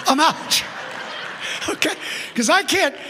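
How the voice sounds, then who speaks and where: An older man preaching as a guest speaker, telling a story in an animated way with frequent laughter. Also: very high voice, slow pace. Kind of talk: storytelling sermon. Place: church sanctuary. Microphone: PA microphone. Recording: church sanctuary with long reverb.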